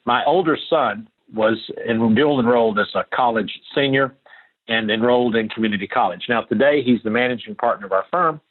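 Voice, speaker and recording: Older man, husky, earnest interview guest, phone-line recording. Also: medium pitch, fairly quick. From Appalachia. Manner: earnest, emphatic, repeats key phrases. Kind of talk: interview answers, storytelling.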